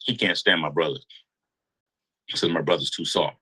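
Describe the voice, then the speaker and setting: A man telling a long story in a casual interview, animated and slangy. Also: rumbling low, normal speed, husky, poor audio. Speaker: guest storyteller.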